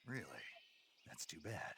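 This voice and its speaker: An actor playing a gruff male soldier in game cutscene dialogue, with dry deadpan humor. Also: rumbling low, a little slow, slight background noise, heavily acted.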